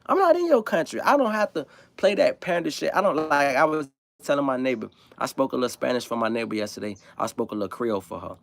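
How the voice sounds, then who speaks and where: A man who grew up in South Florida, hosting a livestream and talking in a blunt, profane, animated way. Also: mid-range voice, quick pace, gravelly. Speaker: livestream host. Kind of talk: casual opinionated monologue.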